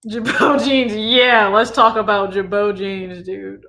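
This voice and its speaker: A man's voice: high-pitched, slow. A man in his thirties from the US Midwest, casually answering viewer questions on a livestream. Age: 30s. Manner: relaxed, chatty, reads viewer questions aloud. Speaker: sneaker channel host.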